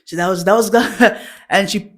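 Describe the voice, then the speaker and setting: A woman's voice: medium pitch, steady tone, normal speed. A woman hosts a comedy show, telling a chatty, self-mocking story. She breaks into laughter often and keeps a loose, conversational flow. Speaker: host. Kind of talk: comic storytelling.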